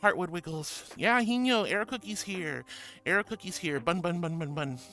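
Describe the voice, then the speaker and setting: A woman's voice: on the low side, moderate pace, fairly bright tone. A woman VTuber streamer in casual live-stream chat, playful and affectionate, giggling as she greets viewers and reads their messages aloud.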